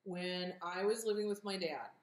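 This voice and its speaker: A middle-aged Californian woman with a lowish voice hosts an advice show, speaking at normal speed in an echoey room. She answers viewer questions bluntly and directly, swearing freely, in a casual advice-talk manner that is emphatic and encouraging.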